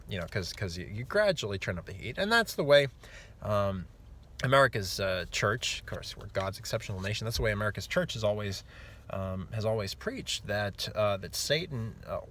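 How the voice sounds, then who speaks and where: A man with a slightly low voice delivers an opinionated commentary monologue. He rambles, stops to restart his sentences and takes a mocking tone as he goes. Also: a bit bright, a little hiss or hum. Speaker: host.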